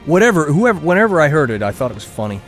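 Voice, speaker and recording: A man's voice: fairly high pitch, very animated, rapid-fire, faint music behind. A man streaming a video game, rambling casually and chuckling as he acts out silly character lines. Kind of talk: casual gameplay commentary.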